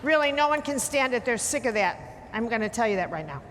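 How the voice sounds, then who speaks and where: A woman's voice: a little high, animated, fast, a crowd in the background, background noise. A woman giving a blunt, emphatic talk to a live audience, teasing her listeners as she lectures. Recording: hall reverb with faint ambience.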